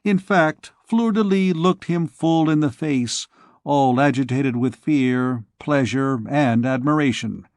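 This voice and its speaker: Brief: a man narrating a classic novel, unhurried, dry studio read. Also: mid-range voice, no echo. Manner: measured, even storytelling. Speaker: audiobook narrator. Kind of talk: scripted narration.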